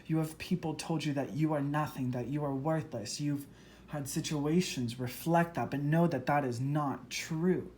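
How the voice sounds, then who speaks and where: A tarot reader and medium giving an earnest, emotional spoken tarot reading to viewers, gushing and spiritual, often speeding up in excited bursts. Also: medium pitch, moderate pace, slight background noise.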